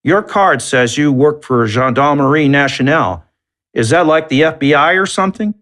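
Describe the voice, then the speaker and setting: A man's voice: a little high, lively intonation, moderate pace, fairly bright tone, voice pushed up. A man voicing a flustered, geeky middle-aged lawyer who talks indignantly and defensively, in a storybook reading.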